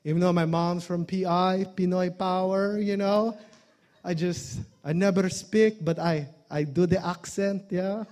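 A man's voice: sits high, a little mellow. A man preaching a sermon as a guest pastor, in a loose, joking style full of fillers and restarts.

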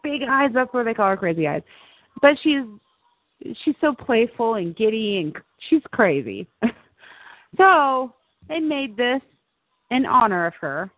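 A woman's voice: medium pitch, no room sound. A woman hosting a show, chatting casually, laughing often and repeating words as she goes. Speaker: show host. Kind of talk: casual chat about TV. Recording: tinny phone-like line, dry.

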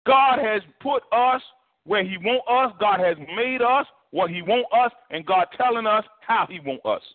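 A man with a high voice preaches unhurriedly as a pastor, his delivery folksy and sermonizing, livened up with put-on character voices. The audio sounds thin and phone-like, as if broadcast.

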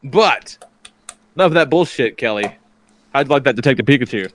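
Animated, profane man telling stories. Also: mid-range voice, a little fast. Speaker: podcast host. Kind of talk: casual chat.

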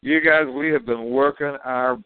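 A man's voice: mid-range voice, fairly even intonation, moderate pace, clear, resonant tone. A man co-hosting a live call broadcast, chatting in a rambling way with fillers and frequent laughs. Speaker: co-host and company chairman. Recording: tinny phone-like dry sound.

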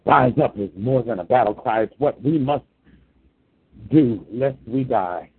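Husky man reciting solemn verse. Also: mid-range voice, measured pace. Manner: solemn preaching cadence. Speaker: poet at a reading. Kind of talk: poetry reading. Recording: tinny lo-fi phone-like sound.

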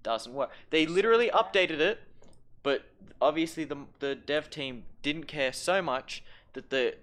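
A man's voice: on the high side, lively intonation, measured pace, a bit bright. A young man co-hosting a casual podcast, talking in long rambling runs with frequent swearing and stammered restarts. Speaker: podcast co-host. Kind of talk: casual chat.

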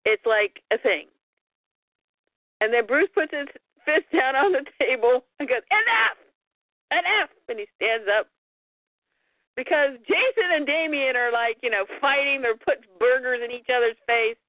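A woman co-hosting a casual chat, retelling a story in an animated way and laughing often. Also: high-pitched, normal speed, no room sound. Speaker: podcast co-host. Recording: tinny phone-like line.

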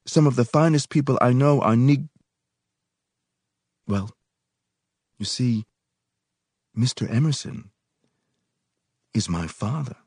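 A man reading aloud and voicing a nervous, pained young northern gentleman with a strained, apologetic manner. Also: mid-range voice, slow pace, pauses often, slightly rough, no echo, clean studio sound, voice pushed up. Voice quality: strained, apologetic, rising to agitated.

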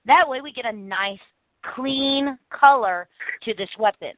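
A woman hosting a casual podcast chat, talkative and animated, laughing often. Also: on the high side, unhurried, slight background noise. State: coughing after swallowing the wrong way. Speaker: podcast host. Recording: dry, phone-like audio.

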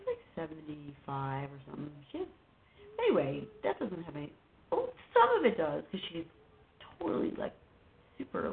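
A woman guest talking casually and haltingly about her life, with many fillers and restarts. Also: medium pitch, vocal fry. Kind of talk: casual personal conversation. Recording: phone-like line with faint noise.

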